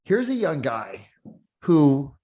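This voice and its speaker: A middle-aged man, a real estate coach, talking in a casual podcast chat, energetic and blunt, acting out quotes as he tells stories. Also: fairly high pitch, slow. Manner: energetic storyteller, swearing, acts out quotes.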